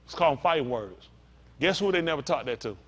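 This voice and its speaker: A man's voice: on the high side, lively intonation, fairly quick, a bit bright. A male pastor teaching a sermon in a conversational storytelling way, talking straight to the congregation.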